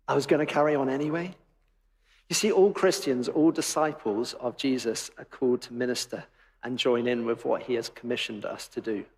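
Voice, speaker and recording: Wry preaching man in reverberant church. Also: medium pitch. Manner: emphatic, wry preaching with acted-out quotes. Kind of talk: sermon. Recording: long reverb of a church hall.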